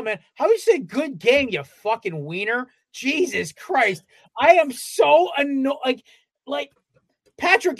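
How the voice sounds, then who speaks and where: A man's voice: extremely high pitch, dry recording. A man co-hosting a casual sports podcast, ranting in a fired-up way with heavy swearing. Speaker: podcast co-host.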